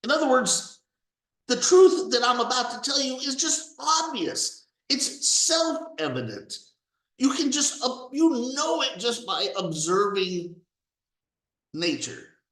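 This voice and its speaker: A man's voice: very high voice, big pitch swings, takes it slowly, bright, forceful tone, reverberant, poor audio. A man giving an angry, profane political rant as a commentator, with heavy emphasis.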